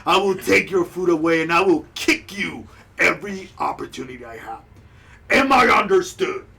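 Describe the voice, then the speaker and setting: A man voicing a gruff, stern male guard captain who swears and threatens, recorded on a distant mic. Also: sits high, expressive, normal speed, bright, forceful tone, exaggerated voice. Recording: distant mic, faint noise.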